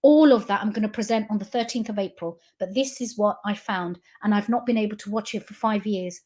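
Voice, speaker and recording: A woman's voice: mid-range voice, a little fast, warm tone. A woman giving an emotional, accusatory livestream address to her family. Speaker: company founder addressing family online.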